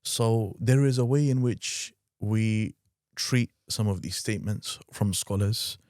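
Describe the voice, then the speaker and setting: A man hosting a podcast discussion, speaking in a measured, emphatic way. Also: on the low side, darkish tone, no echo, clean studio sound. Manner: measured, emphatic, backchannels often. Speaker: podcast host.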